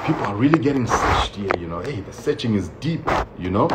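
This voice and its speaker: Animated man telling a story, roomy dull sound. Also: on the low side, moderate pace, noisy background. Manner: animated, laughing often, acting out voices of others. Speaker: storyteller recounting his own experience. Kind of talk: casual storytelling monologue.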